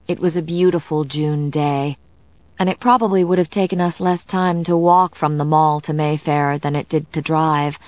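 A woman narrates a novel in the first person, steady and measured. Her voice is low and the recording is close and dry, with no room sound. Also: no echo. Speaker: audiobook narrator. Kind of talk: scripted narration.

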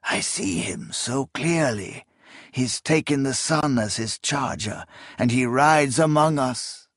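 Male narrator as a dying old king: weak, slow, half-whispered, tender, audiobook. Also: medium pitch, expressive, husky, no room sound, studio quality. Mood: rapt. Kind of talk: audiobook character reading.

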